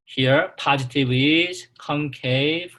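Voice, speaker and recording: A man teaching a calculus class, talking slowly and haltingly, repeating himself and putting questions to the students. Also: on the high side, bright, forceful tone. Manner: slow, repetitive, halting, asks the class questions. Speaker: math instructor.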